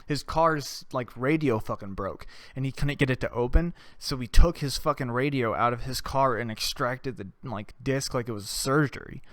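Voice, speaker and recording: A man's voice: medium pitch, normal speed, few pauses, fairly bright tone, no echo, studio quality. A young adult man hosting a podcast. He tells stories in a loose, casual monologue, swears a lot and laughs at his own tales. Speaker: podcast host.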